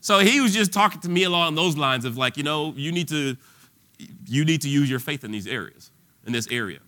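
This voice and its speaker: A man's voice: on the high side, lively intonation, a little fast, bright, forceful tone. A man preaching an informal sermon in a conversational way, full of restarts and fillers, at times rising to bold declarations.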